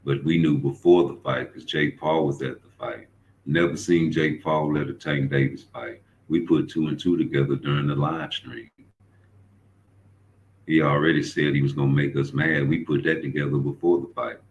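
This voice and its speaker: A man's voice: a bass voice, flat delivery, moderate pace, rough recording. A man hosting a boxing commentary show, rambling and profane as he tells stories. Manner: profane, rambling, storytelling with repeated fillers. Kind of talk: casual commentary rant.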